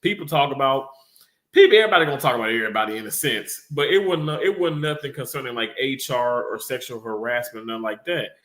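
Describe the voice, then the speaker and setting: A man's voice: medium pitch, fast talker. Chatty man telling a story, echoey room. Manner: rambling, animated, laughs often, acts out quoted voices. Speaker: storyteller recounting a workplace incident. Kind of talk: casual storytelling to viewers.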